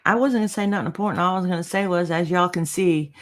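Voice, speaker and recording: Woman cohost rambling and laughing, slightly low voice. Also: fast talker. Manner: chatty, laughing, mixes up names. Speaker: co-host of a live chat show. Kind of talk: casual live-stream chat.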